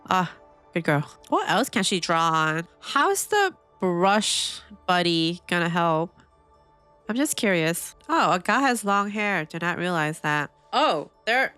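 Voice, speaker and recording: Female reaction host, animated and curious, smooth clear tone, soft music in the background. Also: lowish voice. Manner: animated, curious, thinks aloud to viewers. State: teary, emotional. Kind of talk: live reaction commentary.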